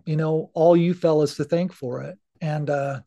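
Middle-aged male guest, high voice, candid and earnest, casual cusser. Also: fairly even intonation, normal speed, gravelly, mellow, dull audio. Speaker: podcast guest. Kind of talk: casual interview talk.

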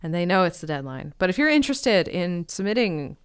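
A woman co-hosting a movie podcast in casual chat, chatty and quick to laugh. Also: fairly low pitch, sing-song, smooth. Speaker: podcast co-host.

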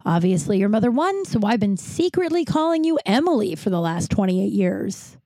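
A woman voicing her older father, a blunt, deadpan drinker, in a flat, matter-of-fact way. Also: medium pitch, normal speed, dry recording, clean studio sound.

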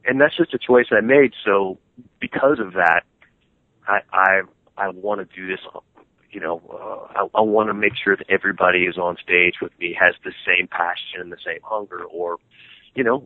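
A man's voice: fairly low pitch, no room sound. A middle-aged man, a guitarist, rambling animatedly in a casual interview with many restarts. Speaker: guitarist and band member, interview guest. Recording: tinny phone-like line.

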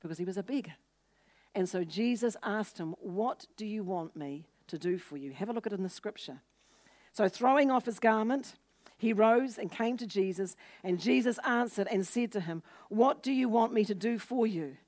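Her voice is a little mellow, with lively intonation at a normal speed, as she preaches. In her earnest sermon she acts out biblical scenes, lifting her voice in pitch and force for the quoted speakers.

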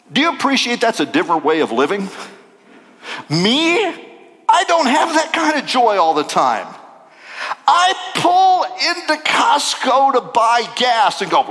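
A male pastor preaching a sermon in an animated way, breaking into acted-out voices and jokes. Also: high voice, unhurried, long reverb tail.

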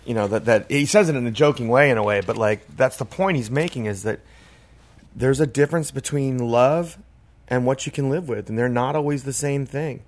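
A man's voice: mid-range voice, a little fast. Rambling, reflective man chatting. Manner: rambling and reflective, full of "like" and "you know". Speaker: podcast co-host. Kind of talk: casual chat.

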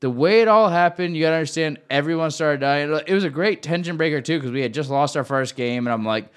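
Fast-talking rambling male podcast host. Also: on the high side, smooth. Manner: rambling storyteller, many restarts and fillers. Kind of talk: casual chat.

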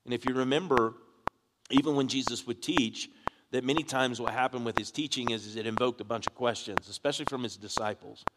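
A man's voice: mid-range voice, a little fast. Man, pastor, sermon, questions the congregation, builds in force, long reverb, audible background noise. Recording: echoey hall with background noise.

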